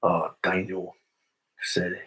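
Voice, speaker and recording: Man, Australian accent, young adult, casual live stream, reads comments aloud and replies, deep, husky. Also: completely flat delivery, very slow, fairly bright tone, poor audio. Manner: reads viewer comments aloud and answers them.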